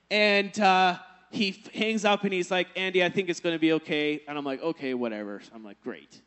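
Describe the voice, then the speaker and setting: A man's voice: high-pitched, fairly bright tone. A male pastor preaching a sermon, telling a personal story and then building to emphatic exhortation.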